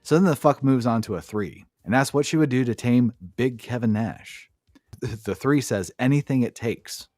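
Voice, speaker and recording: A man's voice: medium pitch, normal speed, darkish tone, dry recording, clean studio sound, faint music behind. Sarcastic, profane man recapping. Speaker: podcast co-host. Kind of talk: casual recap chat.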